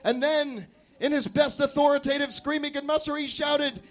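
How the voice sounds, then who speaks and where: A man, a performance artist, reading an absurd comic story aloud at a live café show in a deadpan storytelling manner. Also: very high-pitched, moderate pace.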